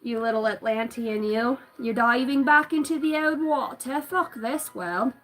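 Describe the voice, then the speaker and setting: A woman's voice: fairly high pitch, a little slow, poor audio. Chatty, foul-mouthed woman tarot reader. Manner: rambling, swears freely, lively storytelling. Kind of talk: casual livestream chat.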